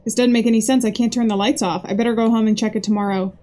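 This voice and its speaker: Here a young gaming creator talks fast in a warm, fairly high voice that stays steady in tone. She reads a horror game's dialogue aloud during her let's play, joking and getting startled as she goes.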